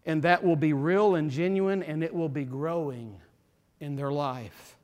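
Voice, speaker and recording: A man preaching a sermon as pastor, impassioned, repeating phrases and building to forceful emphasis. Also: fairly high pitch, measured pace.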